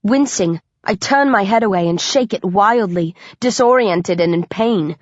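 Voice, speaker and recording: A woman's voice: medium pitch, measured pace, no echo. A woman reading a first-person thriller audiobook, with tense, vivid storytelling. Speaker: audiobook narrator. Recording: dry, dull lo-fi recording.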